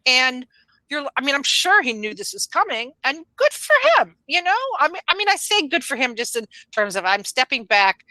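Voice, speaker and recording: Bright-voiced woman rambling on a podcast. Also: sits high, very animated, normal speed, no echo, poor audio. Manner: rambling, full of "you know" fillers. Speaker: podcast guest. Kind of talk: casual podcast chat.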